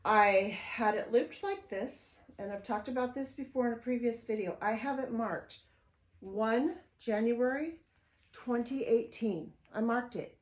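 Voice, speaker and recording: An older woman vlogging casually at home, chatty and emotional, rambling with frequent restarts. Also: a little high. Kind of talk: casual vlog talk to camera. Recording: echoey room.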